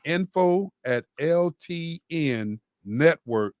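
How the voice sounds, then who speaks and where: A man co-hosting a radio talk show, animated and hyping a sponsor with emphatic repetition. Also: a little high, takes it slowly, dry recording, studio quality. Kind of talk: lively radio banter and live sponsor read. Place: radio studio.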